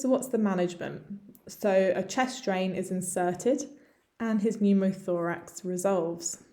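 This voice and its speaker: A woman with an English accent teaching medical English, repeating words slowly and clearly for pronunciation practice. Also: medium pitch, dark tone. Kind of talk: lesson narration over slides.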